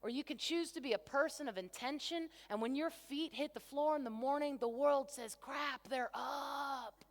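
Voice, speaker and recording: A woman coach giving an energetic keynote to a conference crowd, asking rhetorical questions on a stage microphone. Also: high-pitched, brisk. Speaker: motivational coach. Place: large convention centre hall. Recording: long reverb of a big hall.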